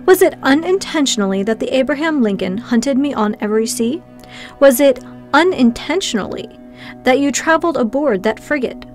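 A woman voicing an aloof male ship commander in an audiobook, speaking in a calm, penetrating, precise way. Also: sits high, moderate pace, faint music behind. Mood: controlled irritation. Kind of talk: audiobook character reading.

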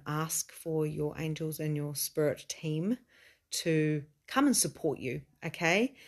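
A middle-aged woman, speaking casually to her viewers as a spiritual coach. She talks earnestly, swears now and then, laughs often, and swings between slow emphatic statements and excited bursts. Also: deep voice. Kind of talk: casual live stream to viewers.

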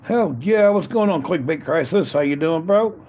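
A man's voice: fairly high pitch, expressive, normal speed, darkish tone. A man hosting a casual live stream outdoors at a grill, greeting chat viewers by name over and over with upbeat, repeated catchphrases. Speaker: livestream host. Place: outdoors at a grill in cold weather.

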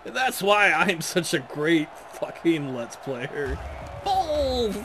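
A man playing a football video game and joking crudely and excitably as he comments on the action. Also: on the high side, slow, noisy background. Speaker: Let's Play gamer. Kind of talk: casual gameplay commentary.

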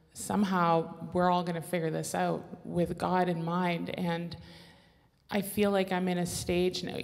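Candid low-voiced woman with gravelly edges. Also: darkish tone, in a large hall. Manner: candid and rambling, with self-correcting restarts. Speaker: panelist mother. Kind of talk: personal testimony on a church panel.

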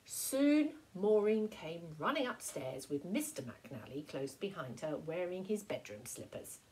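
A woman teacher reads a picture book aloud to young children. She goes slowly and expressively, with a lively, sing-song rise and fall in her voice. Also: lowish voice, slight background noise, low-quality recording. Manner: expressive, slow storytelling. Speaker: primary school teacher.

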